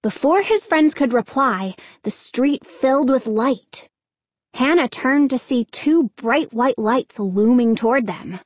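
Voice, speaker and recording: A woman narrating a children's novel in a measured storytelling delivery. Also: high-pitched, animated, no echo. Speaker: audiobook narrator. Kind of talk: scripted narration.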